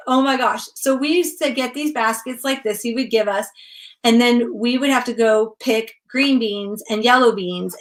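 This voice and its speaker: Chatty rambling woman crafting live. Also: fairly high pitch. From Connecticut. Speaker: craft vlogger. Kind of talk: casual craft livestream chat.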